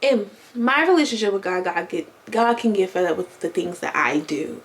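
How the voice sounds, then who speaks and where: A woman in her twenties talks straight to her camera in a loose, chatty vlog style. She rambles and circles back, restarts her sentences and fills the gaps with ums and likes. Her voice sits at an ordinary middle pitch for a woman, picked up by a small camera mic. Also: animated, moderate pace. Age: 20s. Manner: rambling, chatty, self-correcting, many fillers. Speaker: vlogger. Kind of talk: casual storytelling to camera. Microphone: compact camera on-board mic.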